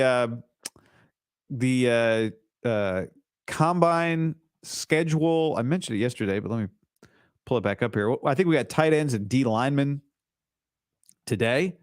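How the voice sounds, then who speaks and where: A male sports-talk host who sits at an ordinary middle pitch and gives blunt, opinionated takes on listener comments. He slips sarcastic asides into his answers. The recording is close and dry, with no room around it. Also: no echo.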